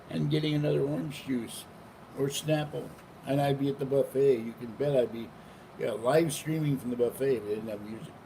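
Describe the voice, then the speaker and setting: A man's voice: mid-range voice, vocal fry, warm tone, far from the mic. An older man chatting in a meandering, casual way as he vlogs from home, now and then cooing to his cats. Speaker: vlogger. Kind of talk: rambling casual vlog. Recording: noisy home recording.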